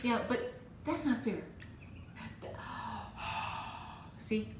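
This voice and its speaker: A woman's voice: a little high, drawn-out words, far from the mic. Chatty woman in an echoey, noisy room. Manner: chatty, laughing, animated storyteller. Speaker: co-host. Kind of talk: casual chat.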